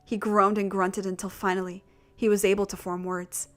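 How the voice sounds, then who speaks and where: A woman narrating a gothic visual novel in a steady, measured reading voice. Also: mid-range voice. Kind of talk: story narration.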